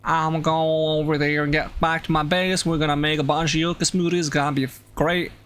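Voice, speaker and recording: A man putting on a made-up accent, playing a brash, rambling guy who talks loudly and swears mildly. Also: on the high side, little pitch movement, fairly quick, smooth, pitched above the performer's own voice, natural voice. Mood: chatty. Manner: loud, chatty, swears mildly.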